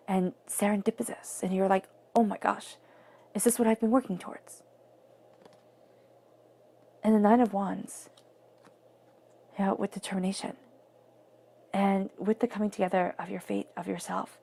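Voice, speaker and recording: A woman's voice: mid-range voice, gravelly, warm tone, slightly rough. A woman giving an earnest, emphatic tarot reading, repeating phrases and sometimes dropping to a whisper. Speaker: tarot reader.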